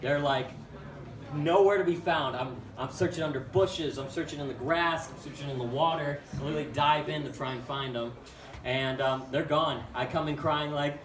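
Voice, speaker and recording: Young male stand-up, slightly high-pitched, rambling and self-mocking; recorded distant and echoey over a crowd. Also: normal speed. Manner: rambling, filler-heavy, self-mocking delivery. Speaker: stand-up comic. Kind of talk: stand-up storytelling. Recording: echoey room from far off with crowd.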